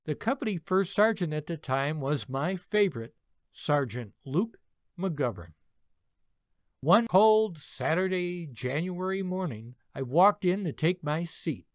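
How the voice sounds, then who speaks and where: A man in his seventies, a veteran narrating a personal army story in a slow, expressive way. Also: on the high side, no echo, clean studio sound. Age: 70s. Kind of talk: reading a personal war story.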